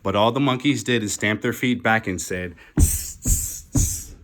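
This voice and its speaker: A man reading a children's picture book aloud, slow and animated, calling out the characters' lines. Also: on the low side, faint music behind. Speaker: storybook reader.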